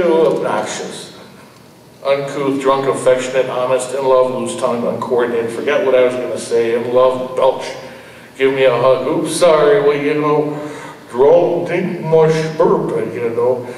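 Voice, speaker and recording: A man reading his own fiction aloud at a live event, lifting his pitch for the characters' dialogue. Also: fairly even intonation, a little slow, darkish tone, slight background noise. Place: large ballroom. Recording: echoey hall from far off.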